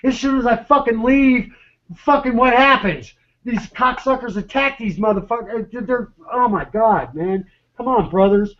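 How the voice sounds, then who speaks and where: A man rants urgently over an online voice chat, swearing constantly and stumbling over his words as he repeats himself. His voice sits very high for a man. The audio is dull and lo-fi. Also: moderate pace, a bit bright. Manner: profane, urgent, repetitive, stammering. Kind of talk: agitated rant.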